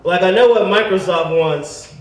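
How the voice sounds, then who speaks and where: High-voiced man doing stand-up in an echoey room. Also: normal speed. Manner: deadpan setups, then animated acted-out voices. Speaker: stand-up comedian. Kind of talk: stand-up comedy set. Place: comedy venue stage with audience. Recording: echoey room, mic from a distance.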